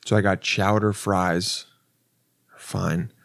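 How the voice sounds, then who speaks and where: A man's voice: deep voice, steady tone, slow pace, creaky, no echo, clean studio sound. A man hosting a casual solo podcast as a comedian, rambling and restarting his sentences, with profane, wry asides. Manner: rambling and self-interrupting, with frequent restarts.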